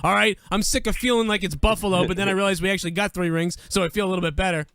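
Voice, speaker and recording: A man co-hosting a live stream, ranting angrily and profanely and often yelling. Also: high voice, steady tone, very fast, heavy background noise. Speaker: livestream co-host.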